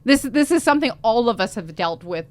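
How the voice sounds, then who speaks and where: A woman co-hosting a podcast, telling personal stories in a lively, emotionally open way. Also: fairly high pitch, a little fast, no echo. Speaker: podcast co-host. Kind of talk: casual chat.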